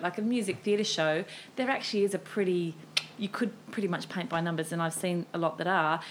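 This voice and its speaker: A woman's voice: fairly low pitch, fairly quick. A woman talks as a guest, storytelling with energy and slipping into her younger self. Her voice sits mid-range. A faint noise runs under the recording. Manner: animated, storytelling, acts out her past self. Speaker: guest, cabaret performer. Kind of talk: casual chat.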